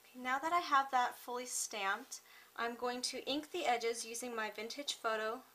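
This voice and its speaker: A woman hosting a card-making tutorial, talking through each step in a chatty, unhurried way with small fillers and self-corrections. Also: on the high side, sharp tone, a little hiss or hum, low-quality recording. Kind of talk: step-by-step craft tutorial narration.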